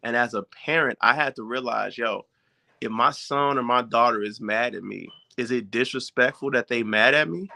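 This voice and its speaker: A man with a bright, forceful voice talks straight to his viewers about raising children. He sounds informal and direct, and he keeps checking that his listeners are following along. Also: mid-range voice, normal speed, gravelly. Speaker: parent giving parenting advice. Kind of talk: casual talk to viewers.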